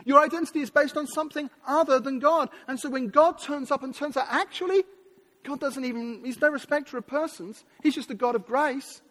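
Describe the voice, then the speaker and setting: A man preaching a sermon from England, emphatic and animated, with sudden drops and rises in his delivery, in a large church hall. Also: extremely high pitch, a little fast. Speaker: pastor. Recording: long hall reverb.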